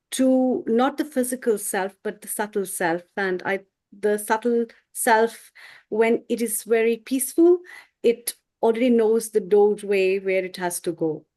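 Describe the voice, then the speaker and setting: A woman hosting an online panel on a video call, speaking reflectively and gently affirming her guests. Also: mid-range voice. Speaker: host interviewer.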